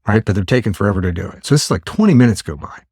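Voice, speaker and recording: A man's voice: lowish voice, lively intonation, racing, a little mellow, slightly rough, no echo, clean studio sound. A man in his fifties, a podcast host telling a story in casual chat and acting out his own thoughts in exclaimed asides. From Pennsylvania. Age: 50s.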